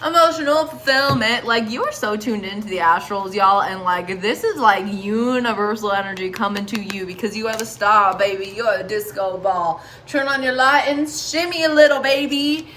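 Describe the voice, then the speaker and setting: A woman's voice: mid-range voice, moderate pace, few pauses, bright, forceful tone, slight background noise. A woman giving a casual tarot reading, talking straight to viewers in a candid, chatty way with plenty of swearing. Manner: talks straight to viewers, encouraging. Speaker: tarot reader.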